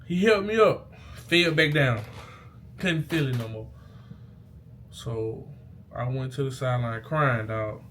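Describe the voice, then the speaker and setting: Young man telling an animated story. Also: medium pitch, takes it slowly, pauses often, a little hiss or hum. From Mississippi. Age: young adult. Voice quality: slangy, animated storytelling, loud bursts at the peaks. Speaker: vlogger. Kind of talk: casual storytelling to camera. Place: indoors, talking into a mirror.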